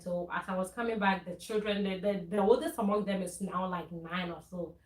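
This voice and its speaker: A woman's voice: fairly low pitch, fairly even intonation, brisk, few pauses, roomy sound, rough recording. A woman from Ghana talking casually in a faith-based vlog, earnest and preachy, with frequent laughs and restarts. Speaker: vlogger.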